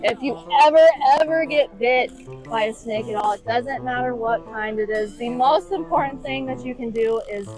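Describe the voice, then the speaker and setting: A woman presenting reptiles at a live event, explaining calmly and upbeat. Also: fairly high pitch, normal speed, soft background music. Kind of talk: educational talk at a live event.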